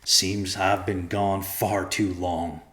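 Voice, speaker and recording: A man's voice: low voice, little pitch movement, slow pace. A man voicing a vengeful scorned husband. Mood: cold. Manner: swings from cold menace to frantic shouting. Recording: echoey room.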